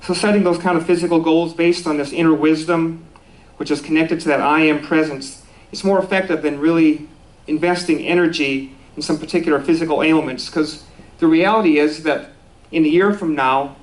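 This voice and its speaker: A man's voice: a little high, steady tone, normal speed, rough recording. A man giving a conversational sermon at a spiritual center, easygoing and self-deprecating, with restarts and small laughs.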